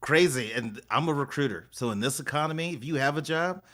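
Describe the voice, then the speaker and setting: A man's voice: fairly high pitch, fairly quick, noisy background. A middle-aged man co-hosting a casual podcast chat, frank with his opinions and laughing often. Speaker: podcast co-host.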